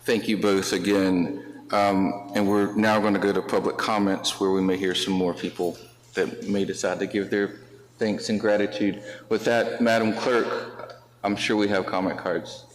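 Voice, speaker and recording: A low-voiced man runs the council meeting, speaking in a flat, unhurried way. He sounds set back from the mic. The room is echoey, with a faint background noise. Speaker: mayor chairing the meeting. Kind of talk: chairing a meeting. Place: council chamber. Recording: distant, echoey, slightly noisy chamber.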